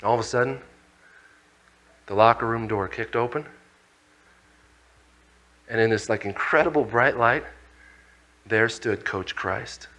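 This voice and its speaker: A man giving a religious youth talk, telling a humorous story with excited, acted-out outbursts. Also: mid-range voice, unhurried, pauses often. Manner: animated, humorous, acts out scenes with excited outbursts. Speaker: speaker.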